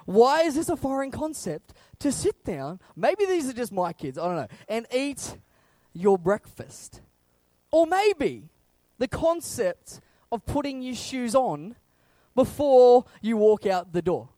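Animated young man preaching with humor. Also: very high voice, slow, dry recording. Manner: animated, humorous storytelling that acts out scenes. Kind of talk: sermon.

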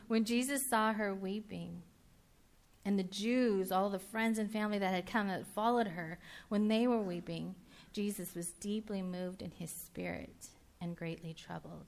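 A woman preaching in a relaxed, chatty way, as if she were talking with friends. She trips over her own words, starts sentences again and laughs easily with her listeners. Her voice sits at an ordinary middle pitch. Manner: chatty, with filler words and quick restarts; laughs easily and banters with the audience. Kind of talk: casual conversational sermon.

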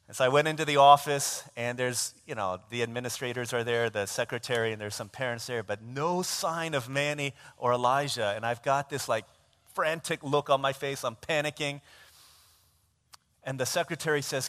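Man, pastor, sermon, animated storytelling, bright forceful tone, long church reverb. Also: medium pitch, moderate pace. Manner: animated, self-mocking storyteller.

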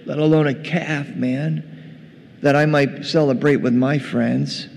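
A man's voice: fairly high pitch, fairly even intonation, measured pace, vocal fry, a little mellow. A man voicing a resentful, angry eldest son who complains to his father, in a church with a long echo. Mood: indignant. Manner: indignant, complaining. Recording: long reverb, faint noise.

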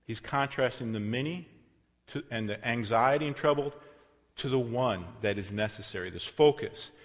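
A man preaching a sermon in a conversational way, with asides and self-corrections, swinging between loud emphasis and quiet passages. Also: medium pitch, normal speed. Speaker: pastor. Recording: long reverb of a large hall.

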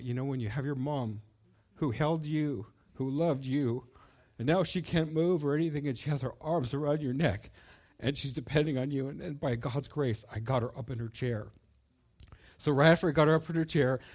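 A middle-aged man telling a personal story at a bible study, folksy and animated, with many fillers. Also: mid-range voice.

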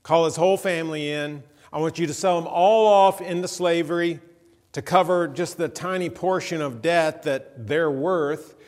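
A man voicing a stern, commanding ancient king, loud and forceful, in a hall with long reverb. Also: fairly high pitch, moderate pace, voice pushed up, close to an everyday voice.

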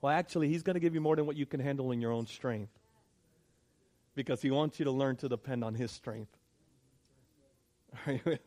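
A man's voice: medium pitch, moderate pace, pauses often, mellow. A male pastor preaching a sermon, emphatic, repeating his points and checking in with the congregation.

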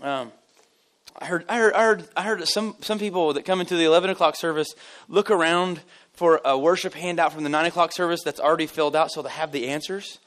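A man's voice: a little high, fast talker. A man, the lead pastor, giving a casual, joking sermon to his congregation, telling stories and poking fun at himself. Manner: animated, joking, self-deprecating storyteller. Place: church service.

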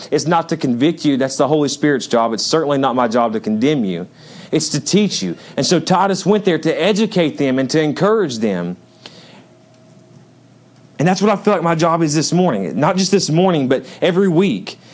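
A male pastor giving a sermon, conversational and joking with the congregation, then reading scripture with rising emphasis. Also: on the high side.

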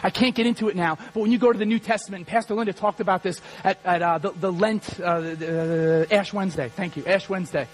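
A man preaching a sermon as pastor, animated and rising to shouts. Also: high voice, fast talker, few pauses, poor audio.

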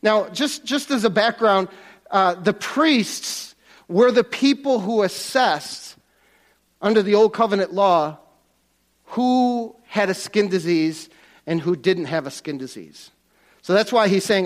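A man's voice: high-pitched, lively intonation, unhurried. A man preaching a casual, conversational sermon to a congregation in a church, often restarting and repeating words.

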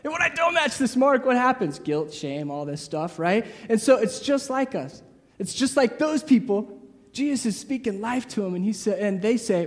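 High-voiced man preaching in a hall. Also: moderate pace. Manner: lively, acts out crowd voices, casual asides. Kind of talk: sermon.

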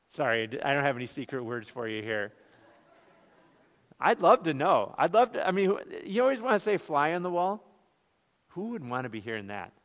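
A man's voice: on the high side, in a large hall. A man with a Northern Minnesotan accent preaching a sermon as pastor, conversational, with rhetorical questions and joking asides. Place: church.

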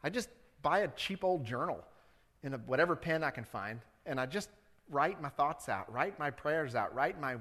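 A man's voice: a little high, lively intonation, normal speed, sharp tone, in a large hall. A man preaching a sermon as the church's pastor, talking casually with the congregation and building to fervent appeals. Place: church sanctuary.

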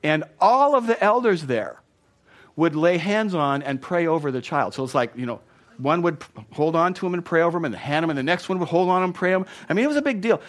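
Earnest pastor with a fairly high voice. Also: male voice, expressive, fairly quick. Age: 30s. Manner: earnest, emphatic, repeats words while searching for them. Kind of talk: sermon.

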